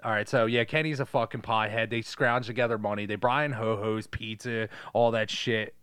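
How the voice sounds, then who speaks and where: A man co-hosting a podcast, chatting casually and crudely about a movie and acting out lines in loud joke voices. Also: fairly low pitch, steady tone, normal speed, smooth, no echo, clean studio sound. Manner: profane, jokey, acts out lines in loud voices. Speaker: podcast co-host.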